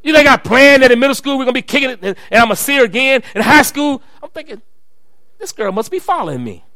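A middle-aged pastor preaching to his church. His voice is high and sharply bright. He tells stories, then climbs into loud, shouted preaching, and the sound is dry and close. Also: very fast, no room sound. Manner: storytelling, rising to shouted preaching. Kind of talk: sermon.

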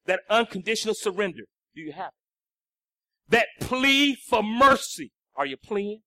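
A male pastor, preaching a sermon that swings between shouted lines and hushed, low passages. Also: sing-song, a little slow, no room sound, clean studio sound.

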